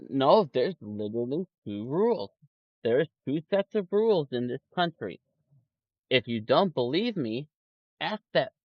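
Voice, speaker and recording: A man's voice: a little high, no echo. A man ranting angrily and profanely in a livestream commentary, mocking the people he quotes in put-on voices. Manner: profane, angry ranting with frequent swearing. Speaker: stock market streamer. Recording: dull lo-fi audio, dry.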